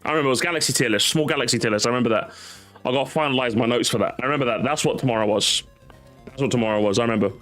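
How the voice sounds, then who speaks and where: A man's voice: mid-range voice, rapid-fire, fairly bright tone, soft background music. A man in his thirties casually chatting and bantering with a friend on a live stream, teasing and swearing now and then.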